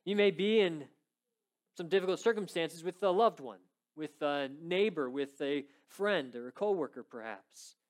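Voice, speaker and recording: A man's voice: on the high side, moderate pace. A man preaching a sermon, telling a story with conversational asides and acted-out quotes. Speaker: pastor.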